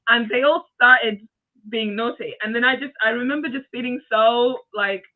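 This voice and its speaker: Soft-voiced woman on a call. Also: a little high, moderate pace. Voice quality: soft voice that cannot be raised. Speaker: guest. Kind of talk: casual conversation. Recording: phone-like video call audio.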